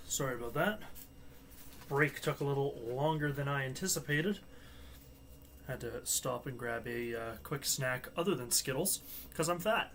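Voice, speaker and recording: A man's voice: mid-range voice, moderate pace, a bit bright, slight background noise. A young man hosting a live watchalong stream, chatting casually, joking and laughing at his own asides.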